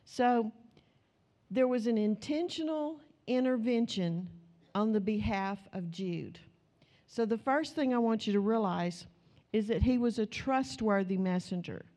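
A woman's voice: on the high side, unhurried, warm tone. A middle-aged woman preaching a sermon, telling a story and acting out the conversation, then teaching in an earnest, conversational way.

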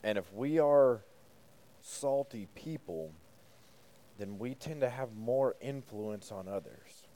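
Mellow-voiced man teaching a youth group. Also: medium pitch, expressive, slow. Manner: conversational, asks the group questions, joking asides. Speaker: youth pastor. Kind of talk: casual youth sermon.

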